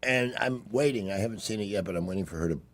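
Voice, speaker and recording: A man's voice: fairly low pitch, quick pace. A man hosting a call-in talk radio show, chatting and trading sarcastic political asides.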